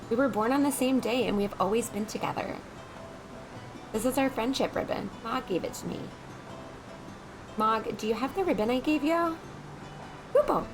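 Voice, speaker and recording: A woman's voice: a little high, low-quality recording. A woman reading as a feisty little girl. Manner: reading game dialogue aloud in a lifted voice. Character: spirited little girl, bossy and sweet.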